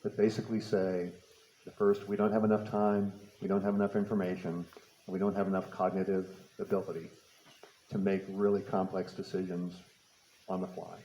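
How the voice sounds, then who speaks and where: Low, mellow-voiced man telling a story. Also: little pitch movement, a little fast, roomy sound, dull audio, slight background noise. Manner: storytelling, repeats words, laughs at own story. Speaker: speaker. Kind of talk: public talk with personal story. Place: talk venue.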